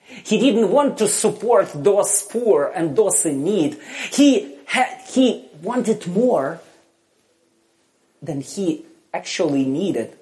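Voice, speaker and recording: Slow, emphatic woman preaching a sermon. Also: mid-range voice, lively intonation. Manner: slow, emphatic delivery with wide swings between loud and soft.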